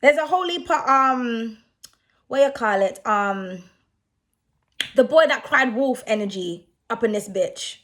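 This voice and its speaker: A woman's voice: fairly high pitch, lively intonation, unhurried, fairly bright tone. A young woman who reads tarot, ranting bluntly and with a lot of swearing in a casual vlog. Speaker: tarot reader.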